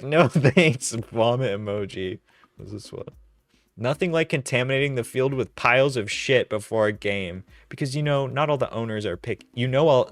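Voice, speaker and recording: A man's voice: mid-range voice, dry recording. A young man hosting a casual commentary, sarcastic and exasperated, with many fillers. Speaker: commentary host.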